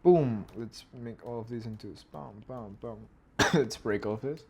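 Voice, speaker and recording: A man's voice: medium pitch, normal speed, gravelly, breathy edge. A man, thinking aloud as he animates and mimicking a dog's barks. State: hoarse throat. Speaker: animator streaming his work. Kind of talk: casual narrated work session.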